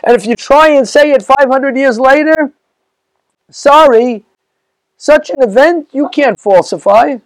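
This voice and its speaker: A rabbi lectures to a live audience in a strikingly high voice. He talks in an animated, rhetorical way and keeps firing questions at his listeners. The sound is dry and close, with almost no room echo. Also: a little slow.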